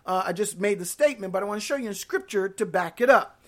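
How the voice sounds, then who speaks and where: A woman's voice: mid-range voice, animated, quick pace. A woman pastor preaching an online sermon in an emphatic, folksy way, repeating her key points.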